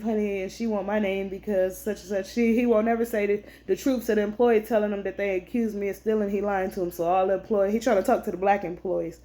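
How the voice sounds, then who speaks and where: A woman's voice: mid-range voice, a little mellow. A woman, a veteran, animatedly recounting a store incident to camera, indignant and often calling her listeners honey. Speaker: veteran vlogger.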